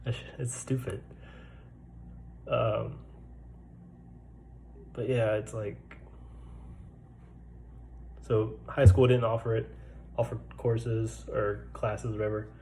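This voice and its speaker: A man's voice: fairly low pitch, level tone, takes it slowly, long pauses, darkish tone, a little hiss or hum, poor audio. A man in his twenties who stutters, telling his own story in a laid-back, casual way with lots of fillers, recorded in a barracks room. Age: 20s. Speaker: vlogger.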